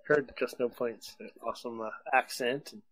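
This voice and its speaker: A man's voice: medium pitch, steady tone, normal speed, a bit bright. A man co-hosting a casual podcast chat, upbeat and agreeable. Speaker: podcast co-host.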